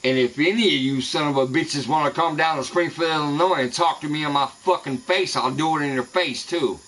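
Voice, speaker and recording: A man's voice: on the high side, a little fast, a bit bright, low-quality recording. A man streaming live from home, ranting angrily and swearing heavily at people he says spread lies about him. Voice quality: profane, heated ranting. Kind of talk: angry live-stream rant. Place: home in the American Midwest.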